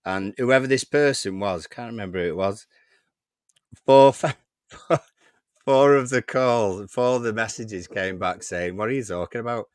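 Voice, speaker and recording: A man co-hosting a live fan show, talking in a relaxed, easygoing way. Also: on the low side, measured pace, pauses often, no room sound, studio quality. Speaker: fan channel co-host. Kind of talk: casual live chat.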